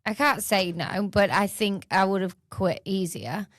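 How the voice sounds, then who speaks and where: A woman's voice: medium pitch, a little slow, no room sound, clean studio sound. A woman, chatting casually on a podcast, laughing often and swearing freely. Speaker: podcast co-host. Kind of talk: casual chat.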